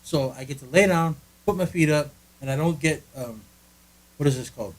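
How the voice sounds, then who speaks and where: A man's voice: a little high, a little fast, rough recording. A man co-hosting a casual podcast from a friend's living room, rambling and joking with lots of restarts. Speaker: podcast co-host. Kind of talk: casual chat.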